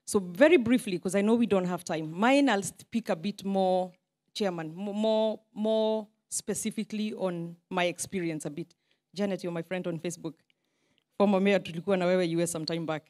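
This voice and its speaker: A woman's voice: on the low side, normal speed, a little mellow. A Kenyan woman in her forties giving an informal, self-deprecating speech to a crowd as a politician, with Swahili asides. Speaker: politician addressing a diaspora meeting.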